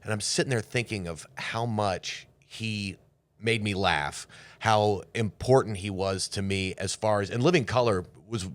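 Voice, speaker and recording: A man's voice: lowish voice, unhurried. A man hosting a podcast in casual chat, telling stories and acting out the lines people said. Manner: animated storyteller who acts out quoted lines. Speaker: podcast host.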